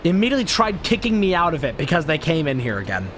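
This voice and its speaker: A man streams a video game and rants at the enemies in his way, cursing constantly and sounding fed up. His pitch sits a little high and swings widely as he vents. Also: big pitch swings, fast talker, a bit bright, a little hiss or hum. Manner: profane, exasperated, ranting at enemies. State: frustrated. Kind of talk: live gameplay commentary.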